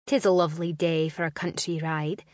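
A woman voicing a sharp-tongued, defiant young noblewoman in a storybook reading. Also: low-pitched, steady tone, dry recording, clean studio sound, natural voice. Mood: defiant, mocking. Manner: scornful, quick, mocking.

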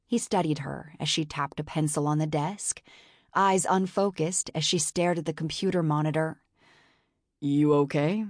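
A woman narrating a novel in a measured, expressive audiobook style. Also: lowish voice, dry recording, clean studio sound. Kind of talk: scripted narration.

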